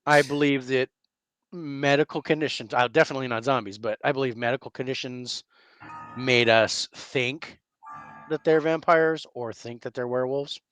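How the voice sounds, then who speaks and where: A man's voice: medium pitch, moderate pace, fairly bright tone, clear, resonant tone, no echo. A middle-aged man co-hosting a casual chat over drinks, joking and teasing. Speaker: podcast co-host.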